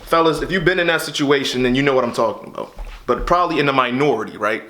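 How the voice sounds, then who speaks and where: A man's voice: mid-range voice, quick pace, sharp tone, slight background noise. A young man in a candid, frustrated monologue to camera, venting about a hard stretch of his life. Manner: frustrated, exasperated storytelling with repeated "what the hell". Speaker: YouTube creator.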